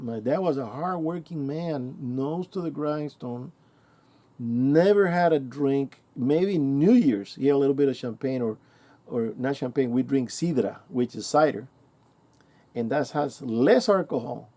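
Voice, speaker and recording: Casting: middle-aged man, mellow low-key tone, rambling conversational monologue with quoted asides. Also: animated, a little slow. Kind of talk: casual opinion monologue.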